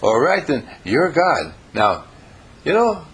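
A man preaching a storytelling sermon in a playful, animated way, acting out the people in his story. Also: a little high, slow pace, slightly rough. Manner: animated, playful, acts out voices.

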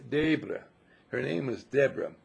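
Gravelly, husky older man preaching. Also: lowish voice, animated, moderate pace. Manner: effusive and affectionate, swoops up on emphasis. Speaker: spiritual speaker. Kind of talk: inspirational talk to a gathering.

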